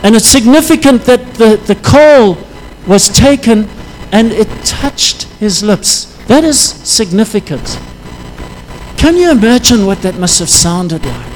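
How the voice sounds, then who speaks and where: Guy preaching w a high voice, gets loud n pleading in prayer bits, bit of traffic hum behind. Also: expressive, unhurried, low-quality recording. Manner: impassioned, rises into loud prayerful pleas. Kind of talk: sermon.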